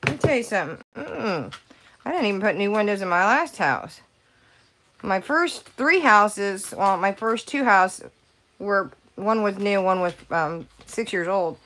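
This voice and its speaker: A woman vlogging about paper crafting in casual chat, ranting in an animated way and swearing freely as she works at her craft table. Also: mid-range voice, unhurried. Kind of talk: casual chat while stamping cards.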